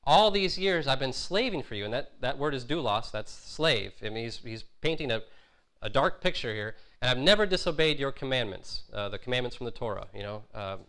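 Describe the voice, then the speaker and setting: A man gives a sermon in an informal, talky manner, with a voice of ordinary middle pitch. He stumbles over fillers and restarts now and then, and he slips into little voices for the people he quotes. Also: expressive, brisk, bright, forceful tone, smooth. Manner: conversational, with frequent fillers and restarts, acting out quotes. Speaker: preacher.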